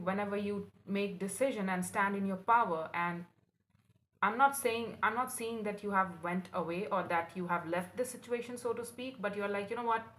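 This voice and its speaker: A woman's voice: mid-range voice, a bit bright, rough recording. A woman giving a casual tarot reading, talking in a rambling, repetitive way and acting out what people might say. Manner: rambling and repetitive, acts out quoted lines. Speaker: tarot reader.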